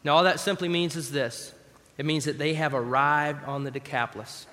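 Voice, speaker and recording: A man's voice: a little high, steady tone, moderate pace, sharp tone. A man preaching a sermon in a conversational way, acting out scenes from scripture as he reads. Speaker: pastor. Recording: long hall reverb.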